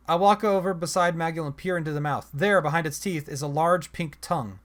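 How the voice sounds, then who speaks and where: A man's voice: fairly high pitch, fairly quick. A man hosting a let's play, reading a text adventure aloud in a casual style and breaking off for chatty asides and self-corrections. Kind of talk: casual game narration with asides.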